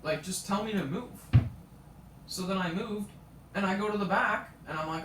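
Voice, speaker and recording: A man's voice: high voice, moderate pace, fairly bright tone, slight background noise. A young man in his late teens ranting on a live stream, indignant and profane, telling stories with acted quotes. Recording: roomy, from a distance, faint ambience.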